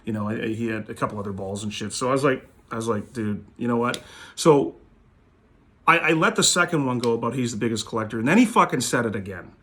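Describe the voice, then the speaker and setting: A man's voice: mid-range voice, fast talker. Blunt, foul-mouthed man telling a story. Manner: blunt, swears constantly, animated retelling. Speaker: host, sports card dealer. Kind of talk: profane storytelling monologue.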